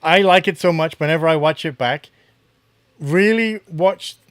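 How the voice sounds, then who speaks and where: A man from Canada co-hosting a casual podcast, enthusiastic and teasing, with quick agreements. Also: fairly high pitch, clear, resonant tone, no room sound. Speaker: podcast co-host.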